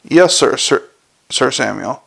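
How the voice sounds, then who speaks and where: A man's voice: medium pitch, expressive, takes it slowly, creaky, fairly bright tone, slightly rough, heavily acted. A man reading the part of a nervous young constable who stammers his replies.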